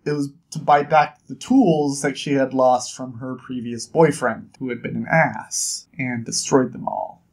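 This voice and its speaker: A book vlogger casually retelling a novel's ending, chatty and animated, often laughing. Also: mid-range voice, unhurried, hardly any pauses.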